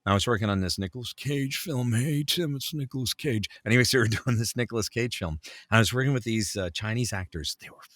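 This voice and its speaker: Canadian voice actor dude telling stories, punchy bright voice, kinda low, dry room. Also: male voice, fast talker, no room sound. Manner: animated storyteller, acts out quotes. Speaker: voice actor, guest. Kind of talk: casual anecdotal chat.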